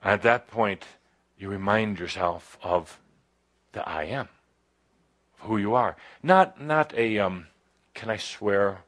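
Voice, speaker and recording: A man giving a channeled spiritual talk to a live audience indoors, halting and full of pauses and fillers, with playful asides. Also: fairly low pitch, a bit bright. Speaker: spiritual teacher channeling a guide.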